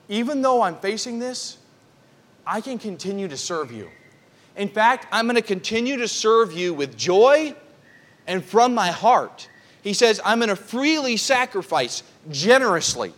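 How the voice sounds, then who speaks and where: A man with a high voice preaches a sermon at a church prayer service. He teaches in a plain, conversational way and drives his points home by repeating them with earnest emphasis. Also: expressive, unhurried, fairly bright tone. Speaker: pastor.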